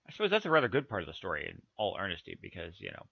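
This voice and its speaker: A man's voice: sits low, huge pitch swings, very fast, gravelly, breathy edge, no echo. A man reading a children's story aloud with playful asides to his listeners. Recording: dull, dry lo-fi recording.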